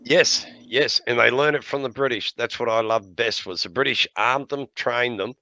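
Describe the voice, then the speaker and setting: Speaking at medium pitch and a moderate pace, this Australian livestream host chats casually with no room sound behind him. He swears freely, laughs a lot, and tells lively yarns and jokes.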